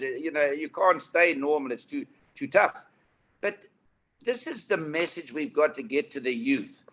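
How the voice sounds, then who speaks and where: A man in his eighties with a South African accent, telling anecdotes as an interview guest in a lively, animated way. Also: mid-range voice. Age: 80s. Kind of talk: storytelling interview. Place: indoor studio couch.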